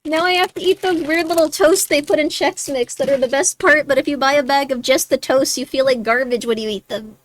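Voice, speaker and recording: A woman's voice: sits high, a little fast, few pauses, rough recording. A woman streamer chatting casually while watching game trailers, rambling and talking to her cat. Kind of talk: casual livestream chat.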